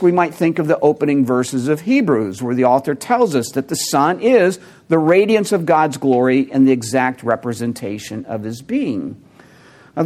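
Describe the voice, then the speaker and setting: A man's voice: fairly high pitch, a little mellow. Man preaching a teaching sermon. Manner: teaching, explains word meanings, addresses congregation with questions; measured, occasional fillers and self-corrections. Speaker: pastor. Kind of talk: expository sermon.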